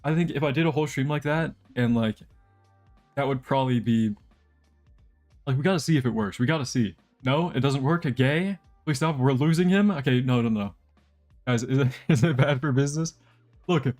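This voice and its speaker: A young male streamer plays a game live and chats to viewers in a joking, meandering way, faint background music playing. He talks at normal speed with a medium-pitched, darkish voice.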